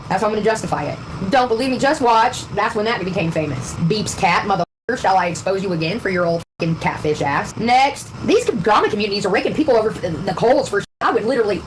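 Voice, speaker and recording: A woman's voice: on the low side, low-quality recording. A middle-aged woman ranting to her viewers in a profane, boastful and threatening way. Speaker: drama livestreamer. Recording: faint background noise.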